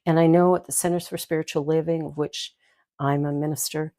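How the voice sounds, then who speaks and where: A woman's voice: low-pitched, little pitch movement, a little fast. An older woman, a minister hosting her own show, telling stories and giggling as she talks. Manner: warm storytelling with giggles and asides. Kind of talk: inspirational talk.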